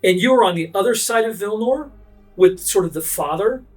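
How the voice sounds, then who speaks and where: A man's voice: sits high, expressive, moderate pace, breathy edge, soft background music. A man narrating as game master, describing scenes vividly and immersively.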